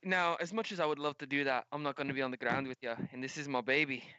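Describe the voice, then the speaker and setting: Burly jovial quartermaster with a put-on Irish lilt, bright and crisp, played by a man running the game. Dry, slightly dull recording. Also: mid-range voice, steady tone, fast, dry recording, lightly acted. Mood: hearty. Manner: hearty, calls everyone boyo.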